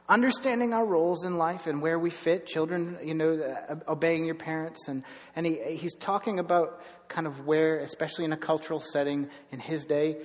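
A man's voice: fairly high pitch, in a large hall. A man preaching a sermon as pastor, conversational, with frequent restarts and asides.

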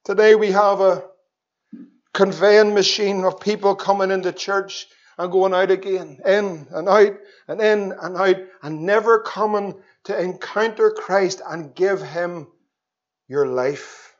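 Man, pastor, fervent sermon, slightly high voice, dull lo-fi church recording. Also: fairly even intonation, a little slow. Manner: fervent preaching, swinging from loud pleas to hushed tones. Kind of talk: evangelistic sermon.

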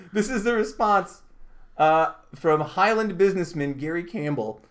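A man's voice: sits high, a little slow. A man co-hosting a podcast, chatting casually and often laughing as he reads out news stories. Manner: animated, laughs often while reading news. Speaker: podcast co-host. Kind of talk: casual chat.

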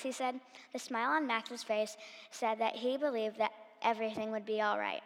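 A woman reading a storybook aloud, with expressive, animated delivery. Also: on the high side, moderate pace. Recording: long hall reverb.

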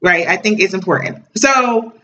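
A woman's voice: medium pitch, expressive, moderate pace, fairly bright tone. A woman hosting a podcast, talking casually and chattily, laughing often and using many fillers. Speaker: podcast host. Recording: dull distant recording with faint hiss.

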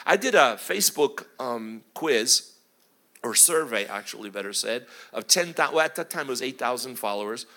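A middle-aged man serving as guest preacher delivers a lively sermon packed with stories, swinging between booming and hushed tones. He speaks at a normal speed.

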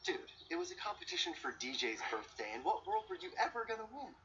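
A man's voice: sits high, very animated, quick pace, exaggerated voice. An actor playing a cheerful man who hosts a birthday race, with an upbeat announcer's tone. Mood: blunt. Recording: muffled TV audio with loud background noise.

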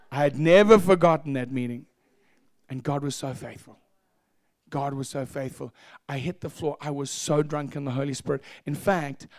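A male pastor telling his testimony in a sermon, animated and storytelling, acting out shouts and laughter. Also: mid-range voice, no echo, studio quality.

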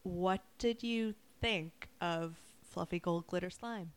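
A woman co-hosting a podcast in casual chat, describing things slowly and deliberately. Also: on the low side, clean tone. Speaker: podcast co-host.

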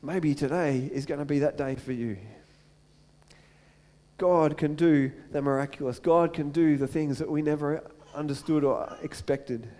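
A young adult man preaching a sermon as pastor, earnest, swinging between loud urgent build-ups and slow, soft appeals. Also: a little high, fairly even intonation.

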